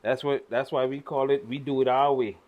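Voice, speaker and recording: A man's voice: mid-range voice, level tone, a little fast, phone-quality sound. Laid-back middle-aged man teaching cooking. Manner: laid-back, folksy teaching with old sayings. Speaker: home cook, father. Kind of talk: casual cooking instruction.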